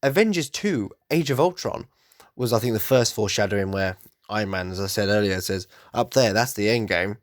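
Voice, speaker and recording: A man's voice: lowish voice, brisk, no room sound, clean studio sound. A rambling, stuffy-nosed man on a podcast. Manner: rambling and enthusiastic, with restarts and stutters. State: blocked up, slightly nasal from hay fever. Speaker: podcast host. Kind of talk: casual solo podcast monologue.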